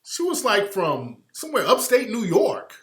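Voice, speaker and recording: A man's voice: high voice, wildly swooping pitch, moderate pace, fairly bright tone. A man hosting a radio show, giving a blunt, emphatic monologue and repeating his points for effect. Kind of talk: impassioned monologue. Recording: roomy echo.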